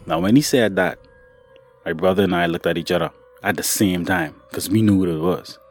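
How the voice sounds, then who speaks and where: A man's voice: low voice, a little fast, soft background music. A man casually telling a personal story on a podcast, talking to the listener like a friend and calling him "buddy" and "boy". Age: adult, grown since childhood events.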